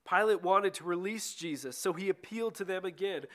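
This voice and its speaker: Guy reading a bible passage out loud, bit high voice, trips on words sometimes. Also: moderate pace, hardly any pauses. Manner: steady reading with occasional slips and restarts. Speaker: scripture reader.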